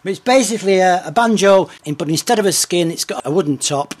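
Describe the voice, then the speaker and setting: A man's voice: high-pitched, animated, fast talker. A man co-presenting a radio show, explaining things plainly and matter-of-factly. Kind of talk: casual radio chat.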